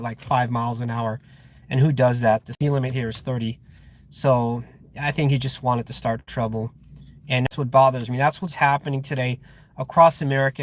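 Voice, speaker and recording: Irritated rambling security guard man. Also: medium pitch. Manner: rambling, irritated, with frequent fillers and restarts. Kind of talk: casual live-stream chat. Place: outdoors at a guarded facility.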